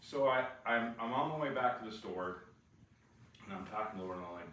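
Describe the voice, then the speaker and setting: A man sharing a personal testimony, animated and restless, full of fillers and restarts. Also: on the low side, fairly quick. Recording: echoey room, far from the mic, faint noise.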